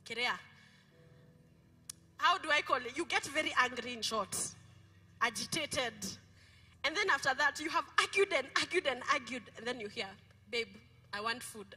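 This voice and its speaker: A middle-aged woman pastor with a Kenyan accent, preaching a lively sermon in a church, playful and quizzing her congregation. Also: high-pitched. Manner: playful, code-switching, asks the congregation questions. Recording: music behind the preaching.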